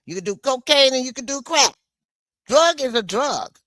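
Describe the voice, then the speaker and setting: A woman livestreaming an angry political rant, blunt and swearing, with a slow, deliberate delivery. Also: high voice, animated, a bit bright, no echo, studio quality.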